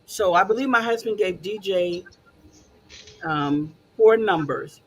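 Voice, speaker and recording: A woman's voice: medium pitch, slow, slightly rough. A woman hosting a casual talk show, encouraging and conversational, with frequent fillers.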